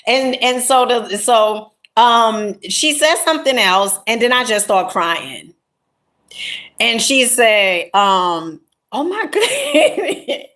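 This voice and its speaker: Chatty woman vlogger rambling warmly. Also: fairly high pitch, slow pace. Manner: chatty, rambling, with many fillers and restarts; warm pet names to viewers. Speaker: content creator. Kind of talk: casual storytelling vlog.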